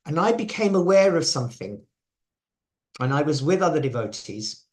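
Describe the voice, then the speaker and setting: A man's voice: fairly high pitch, big pitch swings, normal speed, a little mellow. A man with an English accent giving a chatty devotional talk, sharing stories and asking the audience questions. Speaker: preacher.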